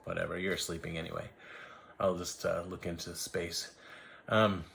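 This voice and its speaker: A man's voice: low-pitched, flat delivery, moderate pace, vocal fry, fairly bright tone. An American man in his forties telling a rambling, self-interrupting story in a casual vlog, acting out the voices of people he quotes. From United States. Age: 40s. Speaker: vlogger.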